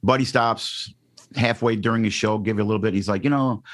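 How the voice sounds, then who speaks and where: Male radio DJ, middle-aged, from around Chicago, lowish voice, casual animated interview storytelling, stumbles and restarts. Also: brisk. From Chicago area, Northwest Indiana. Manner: animated storyteller, acts out quotes, frequent ums and restarts. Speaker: radio DJ guest.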